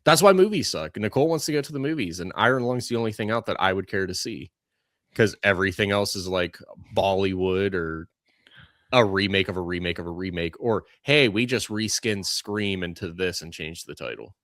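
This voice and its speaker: This young podcast co-host has a low-pitched voice with a fairly bright tone and talks fairly quickly. He chats casually, rants and keeps drifting into tangents. The recording is dry and of studio quality.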